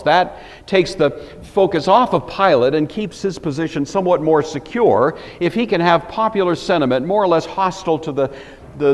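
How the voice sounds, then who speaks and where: A man lectures on a Bible passage in a relaxed, conversational way, thinking aloud and adding asides as he goes. His pitch moves up and down freely. The sound carries the long reverb of a large hall. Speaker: Bible teacher.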